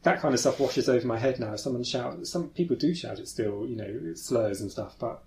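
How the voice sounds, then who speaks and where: Man, podcast co-host, calm and explanatory, casual chat. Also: mid-range voice, a little fast, creaky.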